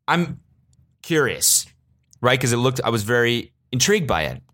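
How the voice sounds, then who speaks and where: A young adult man hosting a solo podcast, telling comedic stories casually and profanely, bursting into animated rants. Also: normal speed. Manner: animated, swings into loud high-pitched rants when quoting himself. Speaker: podcast host.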